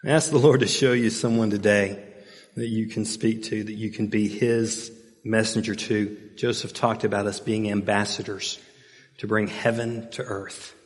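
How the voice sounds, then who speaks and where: A middle-aged man preaching a sermon in a relaxed, conversational way, telling stories with plenty of fillers and asides. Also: on the low side, unhurried. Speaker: pastor. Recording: long hall reverb.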